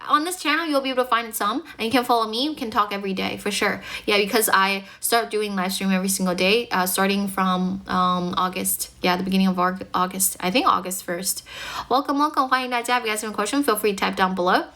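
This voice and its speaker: A woman's voice: mid-range voice, sharp tone. A woman from China with a mostly American accent, a chatty English speaking teacher who greets viewers and laughs easily on a live stream.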